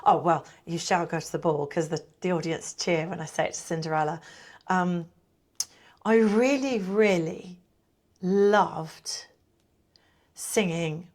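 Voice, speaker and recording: Middle-aged woman, lowish voice, chatty panto performer acting out stories. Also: slow. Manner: chatty, animated storyteller who acts out quotes. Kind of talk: casual interview chat.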